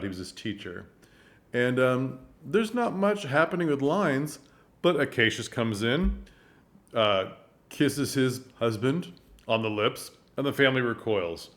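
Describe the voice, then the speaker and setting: Man, lowish voice, theater commentary, earnest, animated storytelling. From United States. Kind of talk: casual commentary.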